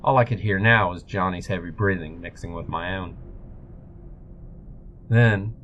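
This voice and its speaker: A man narrating a first-person horror story in a steady, measured way. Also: low-pitched, muffled recording, slight background noise. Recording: music bed behind voice.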